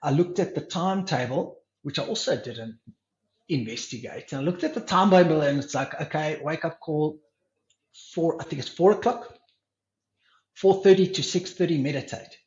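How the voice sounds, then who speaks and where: A man telling a story as a podcast guest, lively, acting out his own inner dialogue. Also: on the high side, normal speed. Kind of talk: storytelling in conversation. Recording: roomy, slightly dull recording.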